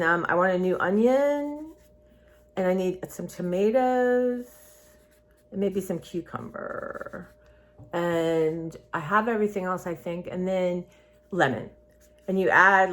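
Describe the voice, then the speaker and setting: Older woman vlogger, slightly low voice, chatty and rambling, talks straight to camera. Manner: rambling, chatty, addresses viewers as y'all. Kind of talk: casual chat to camera.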